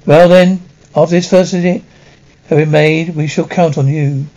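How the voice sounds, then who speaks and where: A man's voice: fairly high pitch, fairly even intonation, normal speed, warm tone, close to an everyday voice. A man voicing a kindly older shipowner who speaks to his sailor in an encouraging way. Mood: genial. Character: kindly older male shipowner, generous employer. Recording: dull lo-fi recording.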